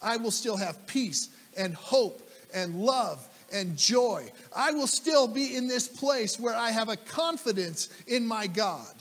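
A man's voice: high voice, animated, slow pace, few pauses, fairly bright tone, long reverb tail. A man preaching a sermon as pastor, emphatic, repeating key phrases and putting questions to the congregation. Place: church sanctuary.

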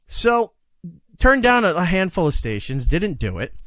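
Animated man with a lively voice. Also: high voice, moderate pace, no echo, studio quality. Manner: animated storytelling, acting out dialogue; emphatic, exasperated about work demands. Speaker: podcast guest, radio broadcaster. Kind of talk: casual podcast conversation.

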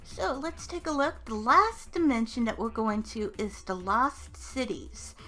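Casting note: woman host with a high voice, upbeat and chatty, walks through the game step by step over faint music. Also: animated, measured pace, pushed and bright. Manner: upbeat, chatty, narrating each step aloud. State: hiccups. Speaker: gaming channel host. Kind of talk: casual let's-play commentary.

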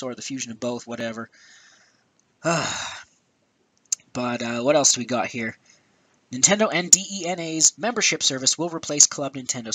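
An exasperated man rants into a headset, cursing freely and sighing between points. His voice is bright and forceful at a middle pitch. The sound is very dry with faint static. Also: dry recording, rough recording. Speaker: gaming video host. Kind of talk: angry rant. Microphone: new headset.

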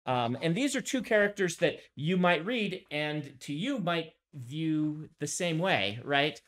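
A man co-hosting a podcast, talking in a thoughtful, casual way with frequent pauses. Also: on the high side, animated, a bit bright. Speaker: podcast co-host, author. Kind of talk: casual conversation.

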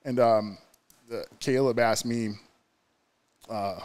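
A man from New York State, a guest on a podcast, tells stories in a loose and rambling way. He talks at a mid-range pitch and fills the pauses with ums and likes. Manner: rambling, lots of fillers and laughs. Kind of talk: casual storytelling chat.

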